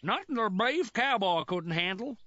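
A man's voice: sits high, animated, moderate pace, sharp tone, dull audio. A man voicing a boastful, drawling old-west marshal in a cartoon, full of folksy cowboy slang. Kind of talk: cartoon voice acting.

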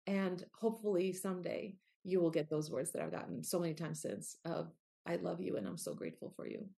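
A woman's voice: on the low side, brisk, vocal fry, warm tone. A middle-aged woman speaking as a guest in an interview, talking earnestly and from the heart. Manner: earnest, heartfelt, with quoted asides. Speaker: author and guest. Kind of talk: candid interview conversation.

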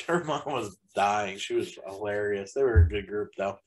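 A man's voice: lowish voice, sing-song, normal speed, rough recording. A man reviewing a haunted attraction in casual chat, rambling and packing his sentences with fillers. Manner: rambling, heavy use of "like" fillers.

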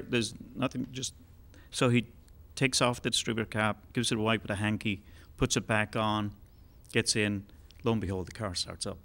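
A man telling a long joke on stage in a relaxed, rambling way, with fillers. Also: lowish voice, a little fast, few pauses. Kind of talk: told joke, live storytelling. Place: concert hall.

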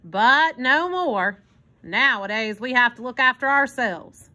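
A woman reading aloud as a grumpy, gruff old male tramp in a storybook. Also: on the high side, lively intonation, takes it slowly, sharp tone, exaggerated voice. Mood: grumbling. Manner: gruff, grumbling.

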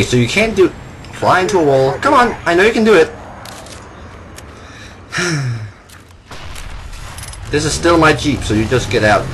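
Young male gamer, lively swinging pitch, hyped and loud, with game noise behind him. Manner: excitable, yelling and laughing at the game. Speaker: gameplay commentator. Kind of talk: casual gameplay commentary. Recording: noisy game sounds behind. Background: game vehicle and battle noise.

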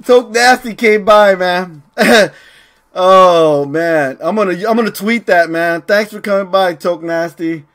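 Taking it slowly in a high, slightly bright voice, a young streamer plays a video game and talks casually to chat. His manner is laid-back, and "dude" and "man" come up all the time.

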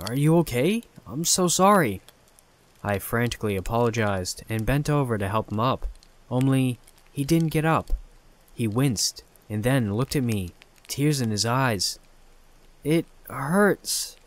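A man narrating a scripted horror story in a calm, measured way. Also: medium pitch.

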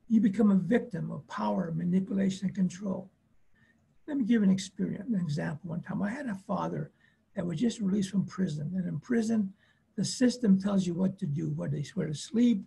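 A man with a very husky, breathy voice and a soft, mellow tone, speaking as a therapist in a webinar. He talks plainly and tells stories, driving each point home by repeating it. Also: sits high. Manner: emphatic, repetitive phrasing with acted-out quotes; plainspoken storytelling. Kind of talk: webinar talk on family conflict.

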